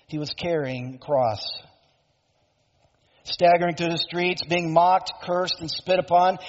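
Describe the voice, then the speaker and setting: A man's voice: fairly high pitch, husky. A man preaching a sermon as a dramatic, emphatic retelling, recorded in an echoey hall on a dull lo-fi recording. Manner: emphatic storytelling, self-interrupting.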